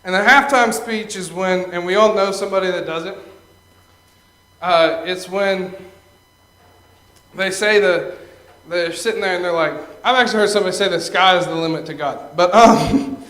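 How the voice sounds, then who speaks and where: A man's voice: sits high, pushed and bright, roomy sound, low-quality recording. A young man performing Christian stand-up comedy in a conversational way, chuckling at his own jokes and acting out little characters.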